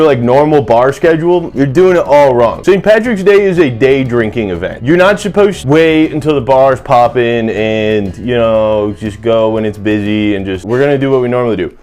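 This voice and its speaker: A man's voice: mid-range voice, darkish tone. A young man hosting a comedy video in his home kitchen, rambling irreverently, swearing and cutting himself off mid-word. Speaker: comedy cooking host.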